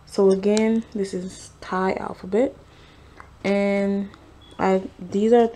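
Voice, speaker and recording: A woman's voice: mid-range voice, steady tone, takes it slowly, dark tone, a little hiss or hum. A young woman vlogging from home, reading her study notes aloud in a casual, hedging way and often saying she is unsure. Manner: unsure, hedging, chatty with fillers. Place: at home, sister snoring nearby.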